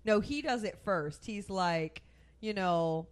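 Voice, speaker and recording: A woman in casual conversation, relaxed and wry, recounting scenes from a movie. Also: mid-range voice, slow. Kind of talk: casual movie recap chat.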